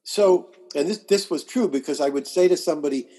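Husky-voiced man telling animated stories. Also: a little high, fast, few pauses. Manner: animated anecdotes with acted-out quotes and laughs. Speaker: guest, astrologer and author. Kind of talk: conversational storytelling.

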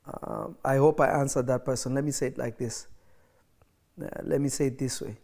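A man's voice: mid-range voice, flat delivery, normal speed, a little mellow. A man preaching an emphatic livestreamed sermon, repeating phrases for effect, with coughs and laughs between points.

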